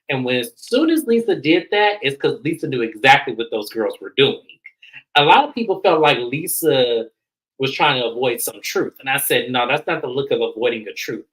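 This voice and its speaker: A man co-hosting a casual reality TV recap, acting out quotes in an animated way. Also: moderate pace, rough recording. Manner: animated, acts out quotes with raised pitch. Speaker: recap show co-host. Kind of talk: casual review chat.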